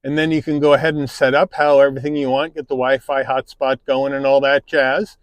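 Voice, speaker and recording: A man narrating a car review, calmly listing interior features one by one, recorded inside a car. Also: mid-range voice, brisk, no echo. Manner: relaxed, plain-spoken, listing features one by one.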